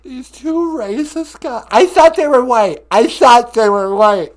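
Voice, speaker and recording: A man putting on a panicked, weepy male celebrity calling in to a comedy show, sobbing and shouting. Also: extremely high pitch, unhurried, pitched above the performer's own voice. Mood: pleading. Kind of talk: comedic phone-in skit.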